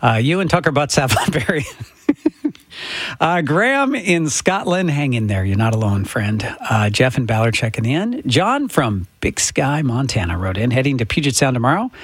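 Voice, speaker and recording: A man's voice: mid-range voice, moderate pace, breathy edge, dry recording. A man hosting a morning radio show, chatting casually and jokingly with listeners and crew at a studio microphone. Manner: relaxed, jokey, thanks listeners and crew by name. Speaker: radio host.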